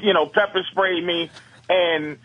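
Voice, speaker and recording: A man guesting on a radio talk show by phone, telling a comic story in an animated, profane way and laughing through it. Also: high voice, a little slow, lo-fi sound. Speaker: comedian guest calling in.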